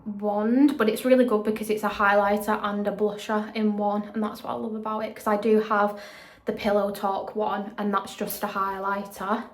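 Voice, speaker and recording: Young girl vlogging from home, yappy, goes round in circles, mid pitch. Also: level tone, normal speed. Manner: chatty, rambling, repeats herself. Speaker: online fitness coach. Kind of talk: casual vlog chat.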